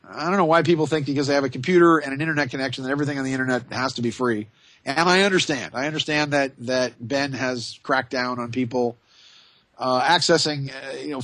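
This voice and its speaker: A man's voice: mid-range voice, a bit bright, no echo. Sarcastic male radio host, tense dry voice. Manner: sarcastic, rambling, mocking asides. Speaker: radio talk show host. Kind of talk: talk radio monologue.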